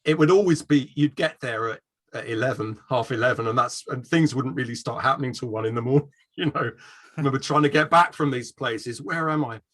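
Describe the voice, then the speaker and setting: A man's voice: mid-range voice, fairly quick, fairly bright tone. A middle-aged man in casual conversation, telling rambling anecdotes about a past music scene. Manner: rambling anecdotal storyteller, mimics voices in quotes. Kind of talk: casual chat.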